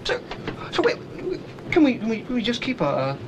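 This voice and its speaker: A nervous stammering deckhand; very high, wildly swinging voice. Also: male voice, very animated, normal speed, muffled recording, background noise. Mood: anxious. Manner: stammering, anxious. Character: jumpy young male deckhand, nervous. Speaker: boat crewman.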